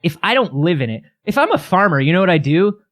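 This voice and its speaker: A man's voice: high voice, big pitch swings, fast, a bit bright. A man co-hosting a comedy podcast, ranting jokily and swearing freely in casual chat. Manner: profane, ranting, jokey. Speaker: podcast co-host.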